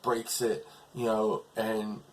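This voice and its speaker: A man's voice: lowish voice, flat delivery, slow, rough recording. A man casually retelling a TV episode as a reviewer, rambling along with lots of fillers.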